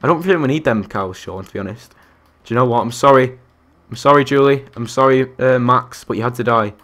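A young man commentating his Minecraft survival game, chatty and excitable, talking to the animals and to his viewers. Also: mid-range voice, a little fast. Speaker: gaming YouTuber. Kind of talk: Minecraft let's-play commentary.

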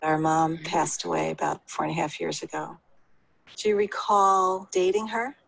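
A woman with a husky voice patiently interviewing her elderly father for a family recording. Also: deep voice, steady tone, moderate pace, dry recording, rough recording. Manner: gentle, patient prompting.

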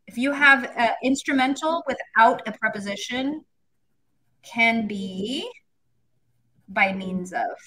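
A woman's voice: on the high side, pushed and bright, poor audio. A woman teaching a language lesson on a live stream, explaining step by step and chatting with viewers. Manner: chatty, explains step by step, reads chat comments.

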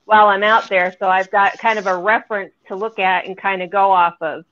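Panel guest: woman, mid-pitched, relaxed chat, muffled lo-fi audio. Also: fairly quick. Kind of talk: casual livestream chat.

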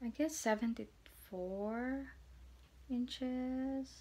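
A woman vlogger chatting softly through a casual unboxing and gushing over small things. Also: high-pitched, extremely slow, breathy edge. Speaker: vlogger reviewing gear.

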